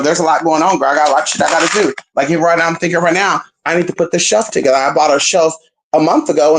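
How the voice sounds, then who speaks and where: There's a little hiss or hum behind this California woman as she chats with her viewers during a spiritual reading. She's sassy, calls them girl and baby, and ranges from low murmurs to high squeals.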